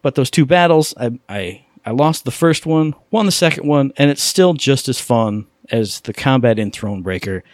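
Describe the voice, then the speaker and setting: Excitable man chatting on a podcast. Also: medium pitch, normal speed, hardly any pauses, dry recording, studio quality. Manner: excitable, rambling storyteller. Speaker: podcast co-host. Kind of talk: casual chat.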